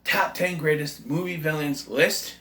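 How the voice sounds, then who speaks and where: Man, casual movie review, rambling, enthusiastic, bright slightly high voice, echoey room. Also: a little slow. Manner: rambling, enthusiastic, self-correcting. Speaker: film reviewer.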